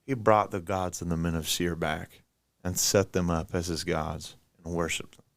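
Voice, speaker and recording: A man co-hosts a laid-back podcast, reading passages and retelling them in everyday slang. His delivery is easygoing and humorous. His voice sits lower than most men's. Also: steady tone, normal speed, gravelly. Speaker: podcast co-host. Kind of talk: casual scripture reading and discussion.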